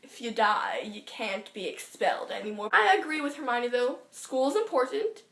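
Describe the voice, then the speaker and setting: A woman's voice: on the high side, sing-song, fairly bright tone. Gushing teenage girl book vlogger. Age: teens. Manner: gushing, rambling, quick asides. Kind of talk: excited book review vlog. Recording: roomy echo.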